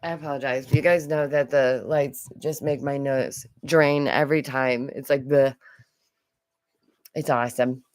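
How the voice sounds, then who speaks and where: A woman's voice: rumbling low, fairly even intonation, unhurried, darkish tone, dry recording. A young adult woman giving casual, rambling reaction commentary as a vlogger, with lots of asides. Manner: chatty, rambling, with frequent asides and laughs.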